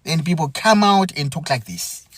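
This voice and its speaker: A man from Zimbabwe hosting a podcast, speaking an earnest, aggrieved monologue full of repeated phrases and halting restarts. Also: on the high side, animated, dry recording, studio quality. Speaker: podcast host. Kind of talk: impassioned spoken monologue.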